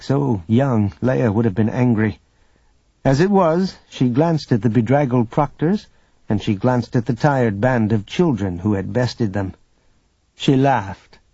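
Husky male audiobook narrator. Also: medium pitch, warm tone, no echo, muffled recording. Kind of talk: scripted narration.

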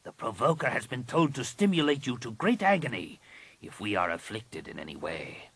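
A man voicing a hushed, scheming alien priestess. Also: mid-range voice, very animated, creaky, husky, no echo, voice pushed up, exaggerated voice. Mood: menacing, hushed. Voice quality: hushed, partly whispered. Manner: measured and commanding. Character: cold scheming alien woman master shaper. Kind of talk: audiobook reading.

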